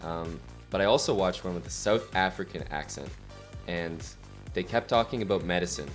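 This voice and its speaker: A man hosting a chess stream, chatting casually with quick, joking banter and frequent laughs. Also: low-pitched, faint music behind. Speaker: stream host.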